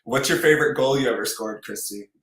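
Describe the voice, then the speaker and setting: Bright, chatty man host with a roomy echo. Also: medium pitch, fast. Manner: rambling, filler-heavy, chatty. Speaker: podcast host. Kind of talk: casual interview chat. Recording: roomy echoey sound.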